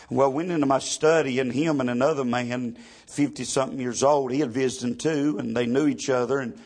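A man with a creaky, mid-range voice preaches a storytelling sermon from the pulpit. The pastor shares his testimony, dropping "amen" after nearly every line.

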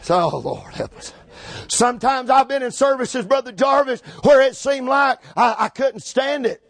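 A high-pitched preacher in full flow, hammering words again and again as he climbs toward shouting. The sound is dry and close, with almost no room around it. He sounds middle-aged. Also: animated, normal speed, gravelly, dry recording. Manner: rhythmic, repetitive, builds to shouting. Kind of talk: fiery Pentecostal-style sermon.

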